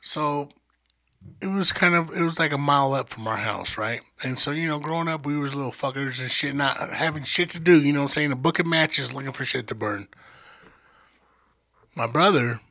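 A man's voice: on the high side, moderate pace, pushed and bright, no echo. An adult man telling a long, profane childhood story in casual chat, full of fillers like "you know what I'm saying.". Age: adult, grew up in the nineties.

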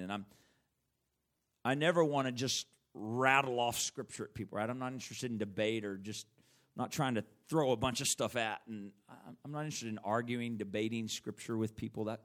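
A man's voice: fairly low pitch, moderate pace, fairly bright tone. A middle-aged man preaching a sermon in an earnest, conversational way.

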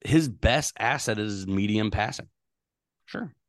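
A man co-hosting a sports podcast, relaxed and agreeable, asking his partner questions. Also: lowish voice, unhurried, no room sound, clean studio sound. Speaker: podcast co-host. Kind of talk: casual sports chat.

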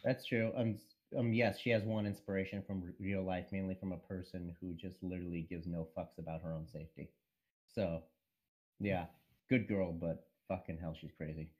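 A man with a lowish voice being interviewed on a casual podcast. He rambles and restarts his sentences, comes across as self-conscious, and swears often. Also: little pitch movement, normal speed, darkish tone. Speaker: guest writer.

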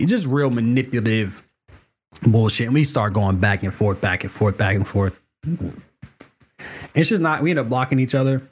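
A man in casual podcast chat, telling a heated story in an animated way, acting out quotes and cursing freely. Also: medium pitch, moderate pace, pauses often, slightly rough. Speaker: podcast guest, comic creator.

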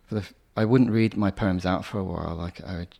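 A young adult man, a poet, answering interview questions in a soft-spoken, hesitant way with frequent restarts. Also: sits low, steady tone, fast talker, vocal fry. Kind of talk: reflective conversational interview.

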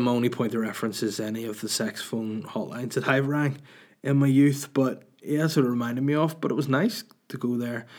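Rambling Northern Irish man, husky voice. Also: medium pitch, a little mellow. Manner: rambling, sweary, jokey storytelling. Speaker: podcast host. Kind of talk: casual solo chat.

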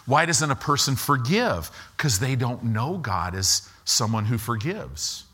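A man preaching a sermon as pastor, slowing for emphasis and acting out quoted lines with rising and falling pitch. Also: big pitch swings, pushed and bright, slightly rough. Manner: slow deliberate emphasis.

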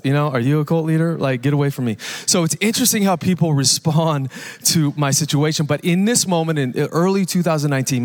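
Energetic man preaching in a reverberant church. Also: medium pitch. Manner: energetic, conversational preaching with jokes and audience questions. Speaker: pastor. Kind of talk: live sermon. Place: large church hall. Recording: live church hall reverb.

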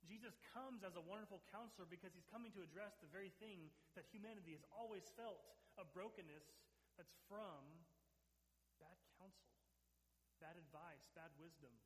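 Male pastor, slightly high voice, earnest emphatic sermon delivery, reverberant hall sound. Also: moderate pace. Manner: earnest, emphatic preaching with repeated phrases.

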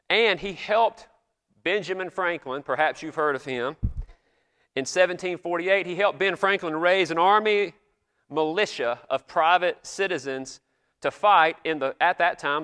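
A man's voice: on the high side, fairly bright tone, clear, resonant tone. Man preaching in an echoing church. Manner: dramatic slowed readings of old prayers and scripture. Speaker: pastor. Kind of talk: sermon.

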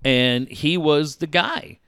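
Man, middle-aged, casual storyteller, swears a lot, bright tone, dry mic. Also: on the high side, slow, clean tone, no echo. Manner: animated, profane, laughing storyteller. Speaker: radio host telling stories.

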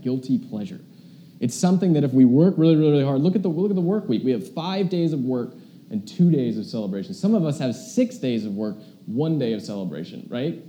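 A young man preaching a casual, chatty sermon, telling stories with lots of fillers. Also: medium pitch. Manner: chatty, animated storytelling with many fillers. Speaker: pastor.

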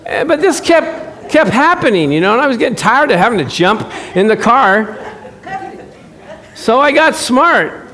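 Man, pastor, middle-aged, high voice, lively story-driven sermon, chuckling asides. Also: a little slow. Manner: animated storytelling, acts out dialogue, chuckles often. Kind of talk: sermon with personal stories.

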